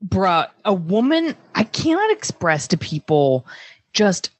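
A woman's voice: medium pitch, very animated, slow pace, no echo. A young adult woman, a comedian guest telling bawdy stories in casual podcast chat, laughing often as she talks.

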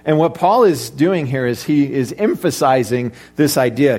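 A middle-aged man delivers a sermon in an easy, conversational way. He slips in light jokes and asks the congregation rhetorical questions. His pitch sits at an ordinary middle height for a man. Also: animated, moderate pace, darkish tone. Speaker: pastor.

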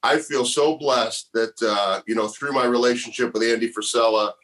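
A man's voice: medium pitch, steady tone, moderate pace, a bit bright, rough recording. A man hosting a podcast interview, thanking his guest sincerely at the close. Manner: sincere, grateful. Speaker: podcast host. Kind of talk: interview wrap-up.

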